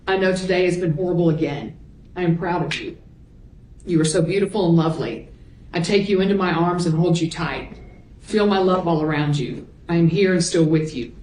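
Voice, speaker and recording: A woman prosecutor reading messages and timestamps aloud into the court record in a measured voice. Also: fairly low pitch, a little mellow, a little hiss or hum. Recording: echoey courtroom audio.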